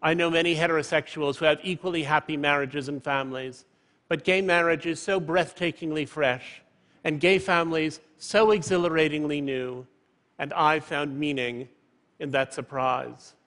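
A man in his fifties giving a prepared public talk from a stage, in a measured, eloquent way. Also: on the high side, fairly even intonation, fairly bright tone. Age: 50s. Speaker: public speaker. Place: stage in a large hall. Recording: reverberant large auditorium.

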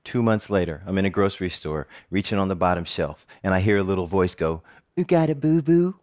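A man's voice: sits low, fairly even intonation, fast talker. A middle-aged man giving a personal storytelling speech, humorous and self-mocking. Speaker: TV reporter giving a talk.

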